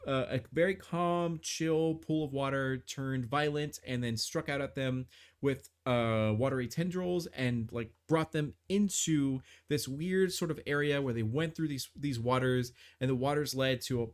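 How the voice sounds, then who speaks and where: A man's voice: mid-range voice, unhurried, clear, resonant tone. A man narrating as game master of a tabletop game on a live stream, rambling with many fillers and restarts.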